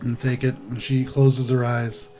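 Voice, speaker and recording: A man's voice: mid-range voice, completely flat delivery, measured pace, a little mellow, faint music behind. A man running a tabletop game as game master, describing scenes in a loose, casual way full of fillers.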